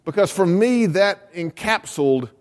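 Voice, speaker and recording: A man's voice: high voice, expressive, a little slow, big-room sound. A man who is a pastor, preaching a storytelling sermon and repeating words as he restarts his sentences.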